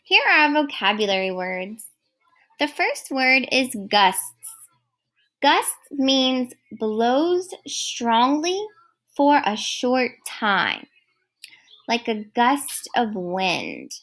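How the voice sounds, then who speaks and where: Slow-speaking woman teacher. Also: fairly high pitch, wildly swooping pitch, a bit bright. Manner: slow, clear, encouraging teacher talk. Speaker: first grade teacher. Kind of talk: recorded phonics lesson.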